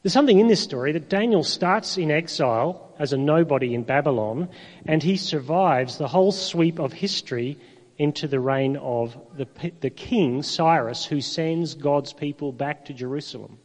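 A middle-aged man from Ireland, preaching a sermon in a conversational way, with rhetorical questions and dramatic pauses. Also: fairly high pitch, a little mellow. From Northern Ireland. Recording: long hall reverb.

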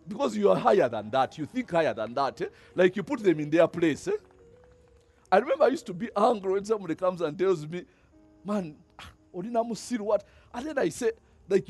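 A man's voice: a little high, breathy edge. A man preaching a conversational sermon, asking the congregation rhetorical questions and laughing between points. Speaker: pastor.

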